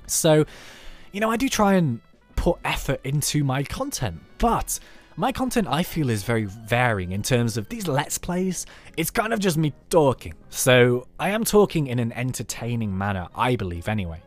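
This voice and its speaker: A man's voice: mid-range voice, moderate pace, faint music behind. A man from the United Kingdom talking through a game in a chatty, rambling let's play. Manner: chatty, animated, rambling asides. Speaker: YouTube let's play host. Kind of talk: casual gameplay commentary.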